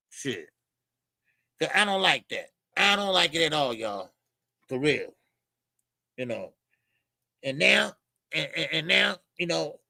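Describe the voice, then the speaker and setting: A high, gravelly man rants on a boxing livestream, heated and profane. His tense, cutting voice repeats itself for emphasis, and the close mic sounds dry. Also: bright, forceful tone, dry recording, low-quality recording. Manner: heated, profane, repetitive ranting. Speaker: boxing show host. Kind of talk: ranting livestream commentary.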